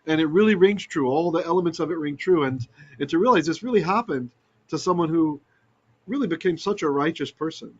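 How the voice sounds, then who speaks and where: A man leads a scripture lesson with a fairly high voice, animated and eager, often asking "right?" as he goes. The sound is dull and lo-fi, like a played-back video. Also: fairly quick, breathy edge. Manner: animated, asks "right?" often, mixes in Hebrew terms. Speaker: Torah teacher. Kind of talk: Bible study teaching.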